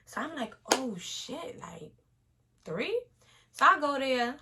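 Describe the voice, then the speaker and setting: A young woman, telling an animated casual storytime vlog straight to her viewers. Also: sits high, takes it slowly, a little hiss or hum.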